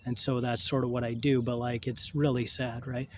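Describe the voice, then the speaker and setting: Man, middle-pitched, halting vlog monologue, restarts and profanity, faint background noise. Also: flat delivery, a little mellow. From Canada. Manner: halting, rambling, with frequent swearing and restarts. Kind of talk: rambling monologue to camera.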